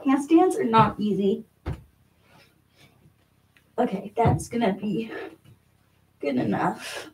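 A woman's voice: on the high side, lively intonation, slow pace, gravelly, long pauses. Young female vlogger, casual and giggly, nervous self-talk, slightly winded, faint background hiss. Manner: giggly, nervous, talks to herself. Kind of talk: casual talk while exercising.

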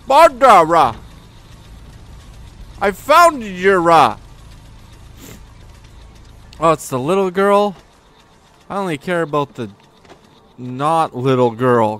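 A man doing let's play commentary in a goofy, joking way, often yelling at enemies. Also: medium pitch, slow pace, pauses often. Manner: goofy, jokey, yells at enemies. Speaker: gaming video host.

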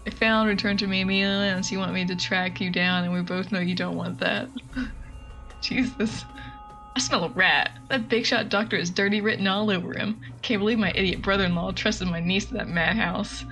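A gruff, suspicious detective grumbles about a crooked doctor, as a woman reads him in a somewhat lowered voice. Bright tone with faint music underneath. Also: steady tone, brisk, close to an everyday voice. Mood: grumbling.

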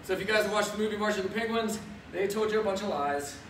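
Zookeeper type, man, fairly high voice, chatty and upbeat, mask-muffled, roomy and distant mic. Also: fast, a bit bright. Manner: upbeat and chatty, talking through a face mask. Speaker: zookeeper presenter. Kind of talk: casual educational live stream. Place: indoor zoo birdhouse with penguins. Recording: echoey room, distant mic, faint noise.

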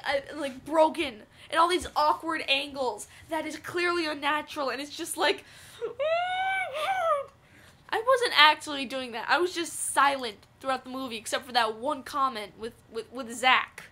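Young girl vlogging, high bright voice, rambly and excitable. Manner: rambling, filler-heavy, excitable. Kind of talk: casual storytelling vlog.

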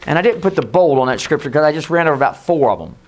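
A pastor giving an emphatic sermon in a church, sometimes hushed and sometimes shouting, and calling on the congregation to repeat his words. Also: on the high side, expressive, rapid-fire. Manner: leads the congregation in call and response. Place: church sanctuary.

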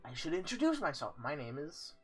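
A man's voice: fairly high pitch, huge pitch swings, fairly quick, faint music behind. A man playing a video game and commenting casually, reading the game text aloud, joking and swearing as he goes. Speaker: let's play host.

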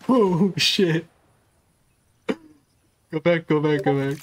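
A man streaming a shooter game live, swearing often and shouting at a teammate with frequent laughter. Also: slow, pauses often. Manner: laughs often, voice jumps high when excited. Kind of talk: live gaming stream commentary.

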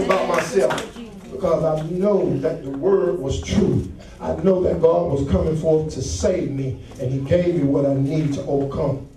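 Male pastor, high voice, fervent preaching that swells into shouts, heard from off-mic in a very echoey church. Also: fairly even intonation, a little slow, far from the mic. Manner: fervent, rising to shouts, call-and-response. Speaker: associate pastor. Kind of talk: sermon. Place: church sanctuary.

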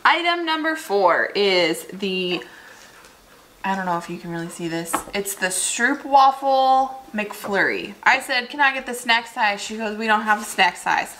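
Bright-voiced young woman in a casual food vlog. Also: medium pitch, animated, measured pace, slight background noise, low-quality recording. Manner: dry, joking asides while eating. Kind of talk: casual food review chat.

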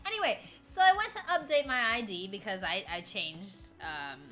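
A woman's voice: mid-range voice, huge pitch swings, moderate pace, fairly bright tone, soft background music. A woman in her twenties chatting casually with her stream viewers, rambling through stories, laughing often and greeting chat along the way. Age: 20s. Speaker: livestreamer.

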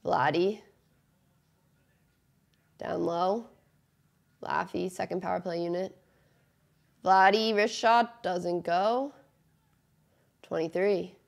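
A young woman gives running play-by-play of a hockey game as she watches it live, her voice carrying a gravelly fry. She sounds exasperated and groans whenever the play gets sloppy. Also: lowish voice, steady tone, slow, pauses often.

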